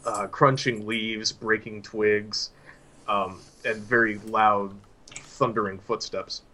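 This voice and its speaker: A man narrating scenes as game master in a tabletop story game, with halting, filler-heavy description. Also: lowish voice, fairly even intonation, pushed and bright.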